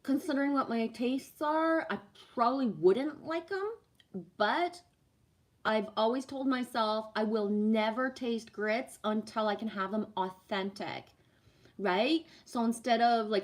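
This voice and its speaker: A woman's voice: mid-range voice, unhurried. A woman reading cards on a live stream, chatting casually, swearing freely and answering viewer comments. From Canada. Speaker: livestream card reader.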